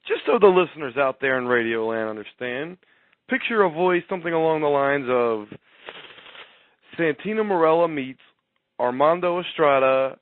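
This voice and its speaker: A man's voice: on the high side, animated, moderate pace, dry recording. A man co-hosting a casual radio show, teasing his partner with dry wisecracks. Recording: tinny phone-like web radio audio.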